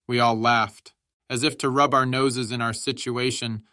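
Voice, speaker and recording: A man narrating an audiobook in a steady, measured reading. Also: mid-range voice, smooth, no echo, studio quality.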